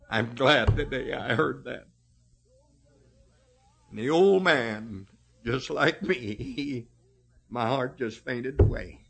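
A man preaching a sermon, slow and emphatic, rising and falling sharply in pitch and loudness. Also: expressive, gravelly, slightly rough.

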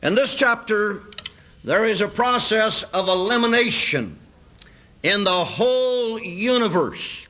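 Male preacher, bright clear tone, measured scripture reading. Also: high-pitched, lively intonation, poor audio. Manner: earnest, quotes scripture in slow measured cadence. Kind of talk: sermon.

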